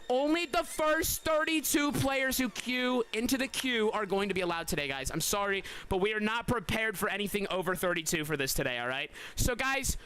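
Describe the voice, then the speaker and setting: A young man streaming live, hosting a game tournament and talking to his chat excitably, repeating "guys" and yelling at surprises. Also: sits high.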